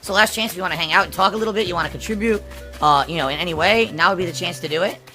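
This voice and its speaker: A man's voice: high-pitched, very fast, pushed and bright, soft background music. A man live streaming, reading viewer tips aloud and answering them in a defensive, dismissive way, heard as a clip played back.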